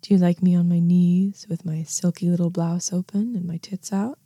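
Whispered role-play: woman as a self-assured, teasing neighbor, low and husky, close and dry. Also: flat delivery, dark tone, no echo. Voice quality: breathy, half-whispered. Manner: slow, coaxing, commanding.

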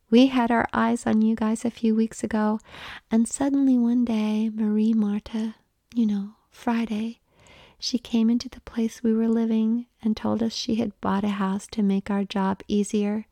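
A woman's voice: a little high, flat delivery, measured pace, creaky, dark tone, no echo. A woman voicing a bold, playful young woman, in a blunt, teasing, whispered role-play.

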